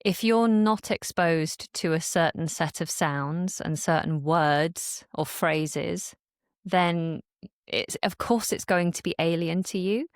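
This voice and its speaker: A woman from Britain talks as a guest on a podcast, her voice on the lower side and recorded dry and close. She explains with animated energy and acts out people's reactions. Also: slow pace, dry recording. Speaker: English teacher and guest. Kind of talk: podcast conversation. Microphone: studio podcast mic.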